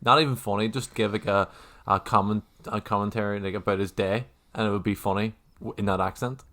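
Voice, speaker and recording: A man's voice: on the low side, fairly even intonation, a little fast, sharp tone. An Irish man chatting casually while reacting to a comedy clip, laughing and gushing about it. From Ireland. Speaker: reaction video host.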